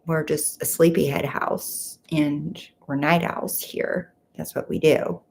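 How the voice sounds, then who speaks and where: Woman doing a casual livestream at home, reads out comments and chats back, lowish gravelly voice. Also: steady tone, slow pace. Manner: chatty, reads comments aloud and reacts. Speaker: livestream host reading viewer comments. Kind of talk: casual live chat.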